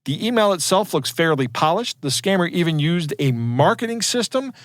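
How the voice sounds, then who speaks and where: Casting: a rambling podcast co-host, man, voice a touch high, dry close mic. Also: very animated, normal speed, no room sound. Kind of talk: casual chat.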